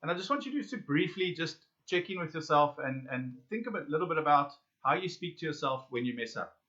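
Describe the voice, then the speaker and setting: A man leading a self-help workshop, speaking straight to his listeners with questions and pauses. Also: on the high side, expressive, pushed and bright. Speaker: workshop facilitator. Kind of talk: guided self-help lesson. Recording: dull lo-fi audio.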